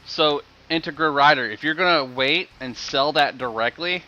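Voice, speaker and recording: A man streams a game live, talking casually to his viewers. His voice is bright and forward. It comes through slightly muffled stream audio. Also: on the high side, normal speed. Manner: chatty, explains game economy and thanks viewers.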